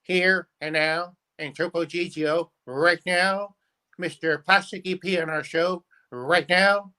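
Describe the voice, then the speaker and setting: A man's voice: high-pitched, fairly even intonation, takes it slowly, bright, forceful tone, pitched above the performer's own voice, full character voice. A man doing a stiff old-time TV host. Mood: announcing.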